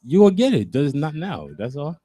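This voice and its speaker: New york guy hosting a radio show, slangy laid-back banter, bouncy pitch. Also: sing-song, moderate pace, dark tone, slightly rough, no room sound. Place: radio studio.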